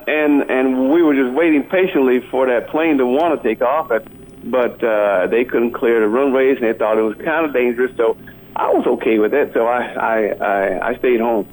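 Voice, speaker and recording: A man from Colorado, a musician guest, speaking over the phone in a humble and halting way. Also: mid-range voice, darkish tone, rough recording. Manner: humble, halting, with many restarts. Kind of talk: phone interview. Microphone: telephone.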